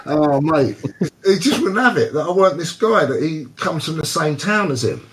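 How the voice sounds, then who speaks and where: An English man hosting a casual online chat, telling lively anecdotes and slipping into voices for the people in them. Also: a little high, measured pace. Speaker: host.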